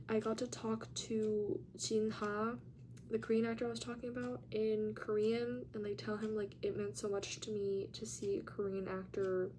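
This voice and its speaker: A young woman telling a story in a casual vlog, chatty and animated, with lots of "like" and free swearing. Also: mid-range voice, a little hiss or hum. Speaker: vlogger.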